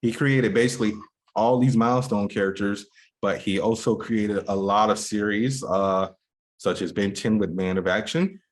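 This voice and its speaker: A man's voice: fairly low pitch, moderate pace. A man co-hosting a podcast, chatting casually with fillers and restarts, speaking straight to his listeners. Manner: rambling, full of fillers, trails off softly; talks to listeners directly. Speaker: podcast co-host. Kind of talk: casual chat.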